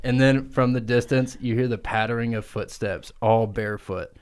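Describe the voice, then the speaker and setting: A man's voice: mid-range voice, steady tone, normal speed, slight background noise. A man co-hosting a comedy podcast in a studio, riffing a crude absurd story with frequent giggles. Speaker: podcast co-host. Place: podcast studio, hot room. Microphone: studio microphone.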